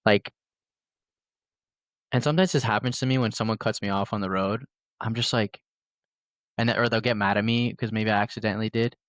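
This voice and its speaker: A man's voice: fairly low pitch, steady tone, a little fast, long pauses, no echo, clean studio sound. Rambling young man telling a story. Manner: rambling storytelling with many fillers. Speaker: podcast host. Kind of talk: casual conversation.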